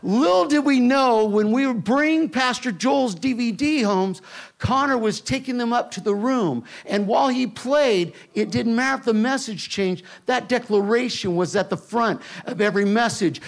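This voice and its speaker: Telling a personal story from the pulpit, this pastor's high-pitched, gravelly voice swings from emphatic preaching to a hush at the tender parts of his sermon.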